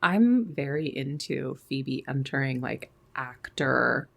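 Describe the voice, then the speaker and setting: A woman's voice: extremely low pitch, expressive, slow, creaky. A woman co-hosting a podcast in casual chat, laid-back and rambling with lots of fillers. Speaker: podcast co-host.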